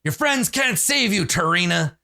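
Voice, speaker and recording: A man's voice: high voice, lively intonation, normal speed, creaky, sharp tone, no room sound, clean studio sound, voice pushed up, exaggerated voice. A man doing a snarling pirate captain. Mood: menacing.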